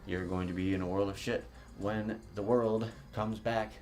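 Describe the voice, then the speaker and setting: Low-ish guy doing a chatty solo podcast rant, swears a lot, cracks jokes, faint music underneath. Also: fairly even intonation, moderate pace, darkish tone. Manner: conversational, profane, jokey asides. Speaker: podcast host. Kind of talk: casual spoken monologue.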